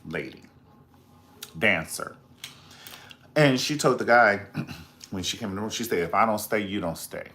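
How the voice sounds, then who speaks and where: A man hosting a casual pop culture commentary, profane and dramatic, breaking into high squeals when he quotes people. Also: a bit bright, slight background noise. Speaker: host.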